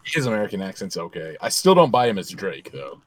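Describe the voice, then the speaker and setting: A man's voice: sits low, big pitch swings, a little fast. A young man co-hosting a casual podcast, teasing and prodding the others. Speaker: podcast co-host. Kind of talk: casual chat.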